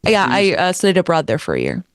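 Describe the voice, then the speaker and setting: A young woman chatting on a podcast, telling a quick, playful story. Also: fairly low pitch, huge pitch swings, no room sound, clean studio sound. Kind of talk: casual chat.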